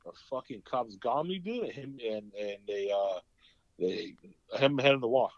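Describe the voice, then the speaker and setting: A man's voice: medium pitch, animated, moderate pace, dry recording. A man telling a long story in casual chat, rambling and profane, full of fillers. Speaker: podcast host. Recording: dull lo-fi dry sound.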